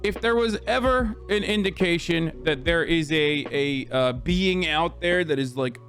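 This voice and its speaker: A male streamer doing casual commentary, joking, swearing and animated. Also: a little high, a little slow, faint music behind.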